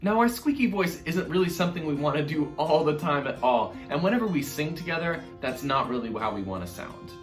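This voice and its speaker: A man's voice: a little high, expressive, fairly quick, hardly any pauses, reverberant. A man teaching an online music lesson to young children in an upbeat, encouraging way, speaking directly to his class.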